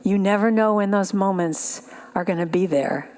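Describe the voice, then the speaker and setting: A woman speaking at a spiritual service, telling stories with acted-out voices and leading a slow sung chant. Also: medium pitch, darkish tone. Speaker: guest speaker and singer at a spiritual center. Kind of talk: storytelling talk ending in a sung chant.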